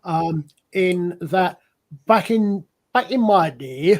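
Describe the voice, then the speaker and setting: A man's voice: sits high, expressive, slow pace, a little mellow. Rambling Scottish man on a panel. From Scotland. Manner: rambling, with frequent restarts. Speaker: panel member. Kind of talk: casual panel chat.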